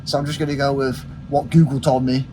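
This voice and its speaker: A man's voice: mid-range voice, level tone, fast talker, background noise. Matter-of-fact man explaining specs. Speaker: car reviewer. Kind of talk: casual car review.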